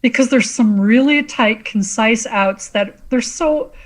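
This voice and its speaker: A woman from Canada, a guest on a podcast, chatting casually and in an animated way. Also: a little high, a little slow, rough recording. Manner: animated, quotes lines from scenes. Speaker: guest, comedic actress.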